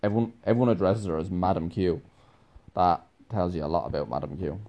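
Low-voiced man telling a rambling story. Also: fairly quick, gravelly, dull audio. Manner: rambling, laughs often, peppered with "like". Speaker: podcast host, musician. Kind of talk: casual storytelling monologue.

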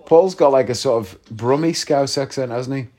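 A man's voice: medium pitch, moderate pace, dark tone. Rambling man chatting casually. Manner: rambling, joking, easily sidetracked. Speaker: podcast host. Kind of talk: casual chat. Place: home, gaming while recording.

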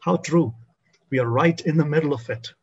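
A pastor, a man with a slightly high, husky voice, delivers a sermon. He slows down and sinks low to press home key phrases. The recording sounds dull and lo-fi.

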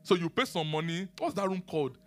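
A man preaching a sermon and teaching the Bible, animated, asking his listeners questions and laughing often. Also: fairly high pitch, quick pace, faint music behind.

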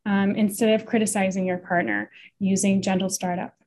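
A woman's voice: mid-range voice, flat delivery, a little fast, vocal fry, darkish tone. A woman therapist explaining couples communication in casual conversation, with frequent fillers and restarts. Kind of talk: casual podcast chat.

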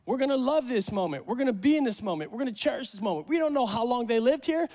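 A man preaching a sermon at a church service, animated and joking, acting out the voices in the Bible stories. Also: very high voice, fast talker. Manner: animated, acts out Bible voices, jokes with congregation. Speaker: pastor.

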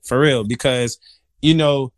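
A man's voice: mid-range voice, steady tone, unhurried, no echo, clean studio sound. Earnest man hosting a casual podcast. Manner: earnest, colloquial, repeats for emphasis. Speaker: podcast host.

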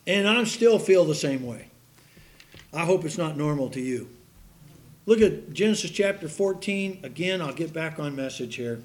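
High-voiced older preacher, impassioned. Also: male voice, lively intonation, normal speed. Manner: emphatic, impassioned, with sudden loud outbursts; stumbles over hard names while reading aloud. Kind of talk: sermon with scripture reading.

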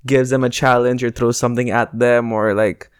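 A man with a mid-pitched voice chats casually, rambling through stories and poking fun at himself. The recording is dry and close. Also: level tone, moderate pace, clear, resonant tone, dry recording. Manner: rambling, self-deprecating, joking. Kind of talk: casual chat.

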